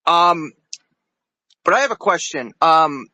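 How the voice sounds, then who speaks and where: Higher-voiced man on a dry mic. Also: expressive, takes it slowly, sharp tone, no echo. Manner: playful, argumentative. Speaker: segment regular, caller. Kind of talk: casual call-in banter.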